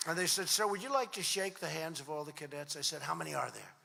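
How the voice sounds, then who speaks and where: Man in his 70s, rally speech, rambling and repetitive, slightly high voice, long hall reverb. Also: fast, vocal fry, a loud crowd, heavy background noise. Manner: rambling, repetitive, conversational storytelling. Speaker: political speaker at a rally. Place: large hall.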